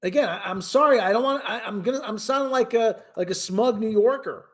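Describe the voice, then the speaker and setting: A man's voice: sits high, brisk. A man from the Hartford area hosting his own show, ranting in a casual, exasperated, rambling way with many restarts. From Connecticut, Hartford area. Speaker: host. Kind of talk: casual rambling sports commentary.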